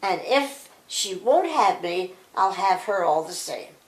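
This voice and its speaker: An older woman reading aloud, voicing a cheeky, foolish young man who shouts merrily. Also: mid-range voice, animated, takes it slowly. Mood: boisterous. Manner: shouting, boisterous. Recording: roomy echo.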